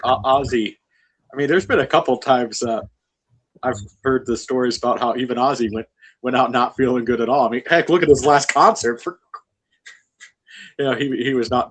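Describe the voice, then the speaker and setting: A man of middling pitch hosts a laid-back music interview. He rambles and restarts often while chatting with his guests. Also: rough recording. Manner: rambling, many fillers and restarts. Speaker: interview host. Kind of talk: casual interview chat.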